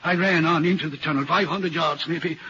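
A man's voice: fairly high pitch, steady tone, brisk, pushed and bright, slight background noise. An actor playing a troubled railway signalman in an old radio drama, earnestly recounting a ghostly sighting. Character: haunted, uneasy male railway signalman. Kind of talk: 1940s radio acting. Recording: dull old radio recording.

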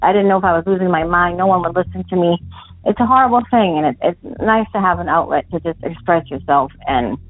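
A woman's voice: a little fast, no room sound. Woman telling a scary story over the phone. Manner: rambling, many fillers, rises to high pitch when retelling panic. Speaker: caller telling a paranormal story. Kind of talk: voicemail story, casual telling. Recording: tinny phone line, dry.

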